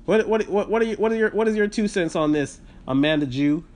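A man's voice: high voice, fast talker, a little hiss or hum. Rambling man venting on a podcast. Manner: rambling, animated, frequent fillers and restarts. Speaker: podcast host. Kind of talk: casual storytelling rant.

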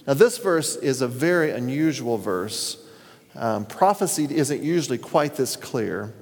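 A man's voice: medium pitch, lively intonation, unhurried, a little mellow. Earnest male pastor in a reverberant hall. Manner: earnest storytelling, reads scripture aloud. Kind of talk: sermon.

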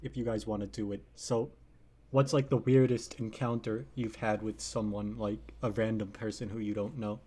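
A man's voice: lowish voice, level tone, moderate pace, dark tone, husky. A young man co-hosting a podcast, easygoing, with short reactions. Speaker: podcast co-host. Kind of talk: casual chat.

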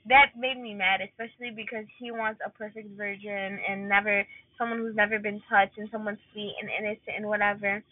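A woman's voice: medium pitch, little pitch movement, a little fast, hardly any pauses, no echo. A young woman venting casually about her love life and a coworker, rambling and exasperated with lots of fillers. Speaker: vlogger. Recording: tinny phone-like dry recording.

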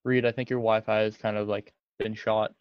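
A man's voice: fairly low pitch, level tone, fairly quick, clean tone, dry recording, dull audio. A man co-hosting a casual podcast over a video call, often correcting himself mid-sentence. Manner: hesitant, self-correcting. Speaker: podcast co-host. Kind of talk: casual chat.

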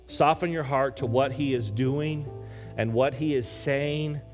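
Male pastor, lively sermon delivery, faint guitar underneath. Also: mid-range voice, measured pace. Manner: animated preaching, swings from shouting to quiet prayer.

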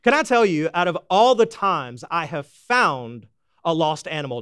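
Man, pastor, high-pitched, sermon, folksy and animated, dry close sound. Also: moderate pace, clear, resonant tone, no room sound. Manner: folksy, animated preaching that swings from loud exclamations to hushed, soft emphasis.

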